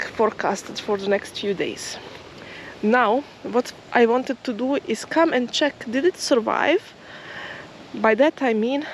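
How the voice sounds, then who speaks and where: A woman vlogging outdoors in a field, musing softly and hesitantly as she walks. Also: a little high, a little hiss or hum. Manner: soft, musing, slightly hesitant. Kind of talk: casual outdoor vlog narration. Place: outdoors in a field near a forest.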